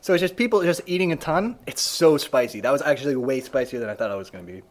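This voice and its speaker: A man's voice: mid-range voice, lively intonation, quick pace. A man chatting casually on a live stream, rambling and joking and often repeating himself.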